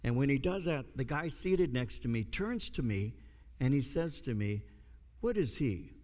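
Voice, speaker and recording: A man's voice: medium pitch, expressive, moderate pace, darkish tone. An older man, a pastor, preaching a sermon and telling a story with comic asides. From United States. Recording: long hall reverb.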